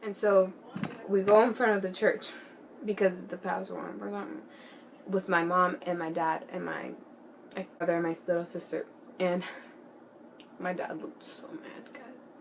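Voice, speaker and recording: A teenage girl telling a story in a casual vlog, excitable and giggly, full of "like" and "bro", sometimes dropping to a hushed whisper. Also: lowish voice, normal speed, vocal fry, a little hiss or hum. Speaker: vlogger.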